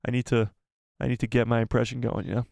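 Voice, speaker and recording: A man's voice: mid-range voice, flat delivery, fast, gravelly, darkish tone. A young man hosting a casual live stream from a small home room, chatty and laughing often as he thanks donors.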